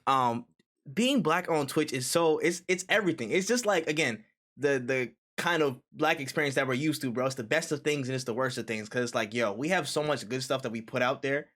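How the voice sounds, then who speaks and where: A man's voice: mid-range voice, brisk, fairly bright tone. A man co-hosting a casual podcast, speaking earnestly and enthusiastically, with emphatic repeats. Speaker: podcast co-host. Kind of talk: casual chat.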